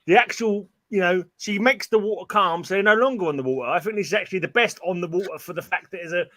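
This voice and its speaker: Bright-voiced British man, playful panelist. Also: high-pitched, quick pace. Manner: playful, teasing, storytelling. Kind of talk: casual online panel chat.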